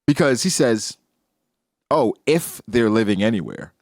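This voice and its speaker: A man's voice: unhurried, no room sound, studio quality. A man co-hosting a casual chat that breaks down a comic chapter, acting out characters' lines. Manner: animated, acts out characters' lines with big pitch jumps. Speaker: podcast co-host.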